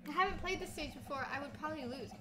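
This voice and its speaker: A young woman co-hosting a casual livestream, excitable and chatty, reading viewer messages aloud. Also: high voice, racing, over a noisy crowd. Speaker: livestream co-host.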